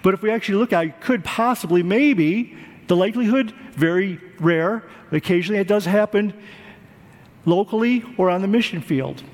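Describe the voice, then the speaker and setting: A man's voice: high voice, moderate pace, long reverb tail. A man preaching a sermon, earnest, repeating words for emphasis. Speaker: pastor.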